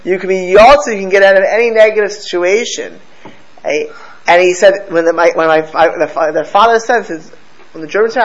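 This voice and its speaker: Animated male storyteller, slightly high voice. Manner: animated storyteller with frequent restarts and repeated words. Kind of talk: storytelling Torah lesson. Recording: slightly dull with faint background noise.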